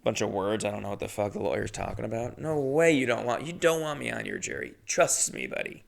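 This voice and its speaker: A man's voice: fairly low pitch, animated, brisk, vocal fry. A man telling a casual, rambling story in a profane, jokey way. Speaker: podcast host telling a story.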